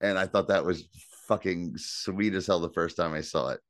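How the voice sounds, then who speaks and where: A man's voice: deep voice, normal speed, no echo. A man co-hosting a podcast, chatting casually and profanely and reading listener reviews aloud. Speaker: podcast co-host. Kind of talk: casual chat reviewing a TV episode.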